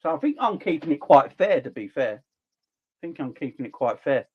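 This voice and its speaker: A man in his forties with a South East London accent, hosting a football livestream and ranting passionately between relaxed chat with viewers. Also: a little high, normal speed, breathy edge, dull audio. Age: 40s. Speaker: football channel livestream host.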